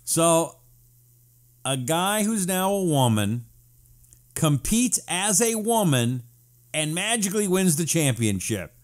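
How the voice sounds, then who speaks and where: Sarcastic guy doing a live show, reads viewer comments, kinda high voice. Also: very animated, slow, long pauses. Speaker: talk show host. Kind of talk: casual live-stream commentary.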